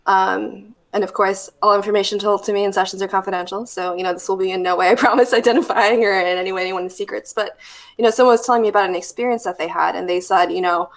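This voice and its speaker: Gravelly-voiced woman therapist, thoughtful. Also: medium pitch, fairly even intonation, fast. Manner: thoughtful, storytelling with many fillers. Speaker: therapist guest. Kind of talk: casual podcast conversation.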